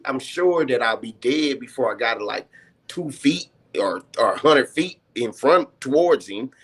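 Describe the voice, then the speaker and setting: A man's voice: medium pitch, lively intonation, a little slow, slightly rough. A man on a talk show panel, speaking passionately and swearing often, then apologizing for getting carried away. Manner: passionate, swears a lot, apologizes after outbursts. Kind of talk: heated casual discussion.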